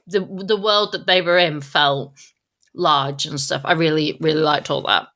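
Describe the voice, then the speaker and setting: A woman's voice: low-pitched, takes it slowly, bright, forceful tone. A woman co-hosting a podcast in casual chat on stage in a theatre, chatty and agreeable. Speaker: podcast co-host.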